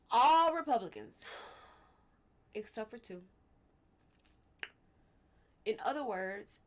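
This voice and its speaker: A young woman hosting a live stream, talking casually about politics and getting worked up, repeating her questions. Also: mid-range voice. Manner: gets worked up, repeats questions, fussing then apologizing.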